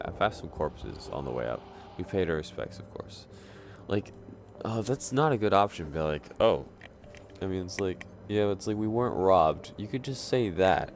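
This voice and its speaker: A man's voice: sits low, slight background noise. A man giving casual let's-play commentary, rambling and thinking aloud with many fillers. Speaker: gameplay narrator. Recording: game music playing behind.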